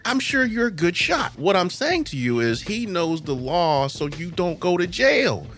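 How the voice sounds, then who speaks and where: Over soft background music, a man co-hosting and producing a casual podcast chats with a friend he keeps teasing. His high, fairly bright voice is very animated but a little slow, and he laughs often and trips over his words.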